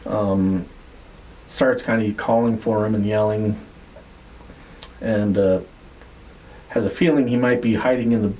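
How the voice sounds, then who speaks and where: A man on a podcast telling a story in a casual, rambling way, swearing freely and filling pauses with "like" and "uh". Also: on the low side, steady tone, mellow, a little hiss or hum, low-quality recording. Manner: rambling, profane, many fillers. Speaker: podcast co-host.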